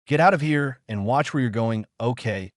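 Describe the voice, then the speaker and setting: A man's voice: medium pitch, normal speed, no echo, studio quality, lightly acted. A man voicing a tough, friendly teenage boy ninja, speaking in a casual, slightly cocky way.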